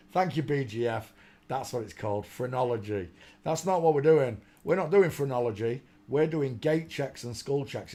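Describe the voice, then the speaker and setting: A man's voice: medium pitch, darkish tone, a little hiss or hum. A man hosting a casual live stream, rambling, mocking and often breaking into laughter.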